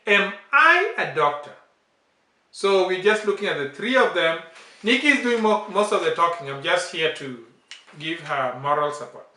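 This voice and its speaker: A man's voice: sits high, big pitch swings, normal speed, pushed and bright, reverberant. A man teaching a language lesson in a casual way, coaching and correcting pronunciation with emphatic repeats.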